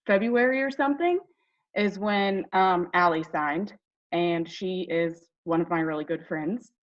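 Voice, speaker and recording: A woman's voice: fairly low pitch, highs cut off. A woman from Ohio telling her personal story on a team call, chatty and emotional, with many fillers. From Ohio, United States. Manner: tearful, chatty, full of fillers. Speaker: direct sales team member.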